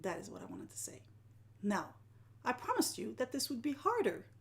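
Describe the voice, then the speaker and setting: Soft-whispering woman, higher voice. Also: wildly swooping pitch, moderate pace. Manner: often drops to a soft whisper, laughs at herself. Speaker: art journaling teacher. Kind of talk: live-stream talk to viewers.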